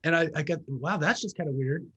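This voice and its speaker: A man in his fifties, a former pastor, earnestly telling his story as a guest in an interview, slowing down to stress key points. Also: on the high side, a bit bright, husky, poor audio. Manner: earnest, reflective storytelling, emphatic slow emphasis. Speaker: guest, former pastor turned real estate business owner. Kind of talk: interview conversation.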